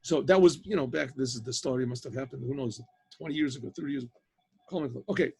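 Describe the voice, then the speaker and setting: A man's voice: medium pitch, rapid-fire, gravelly, husky. A man, a rabbi, telling a story to students over a video call, often stammering and restarting his phrases. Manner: animated, with stammered restarts and repetitions. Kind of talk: storytelling lecture.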